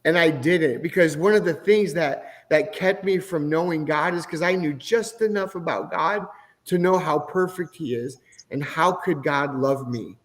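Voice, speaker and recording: A man's voice: fairly high pitch, unhurried. A middle-aged man, a podcast guest, telling his personal faith testimony in an earnest, emotional way. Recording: long hall reverb.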